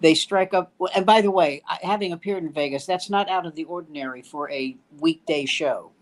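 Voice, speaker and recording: An older man with a high voice hosts a loose talk among comedians. He spins anecdotes and acts out each quoted voice as he goes. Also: a little fast. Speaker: host. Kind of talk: casual comedians' chat, telling anecdotes.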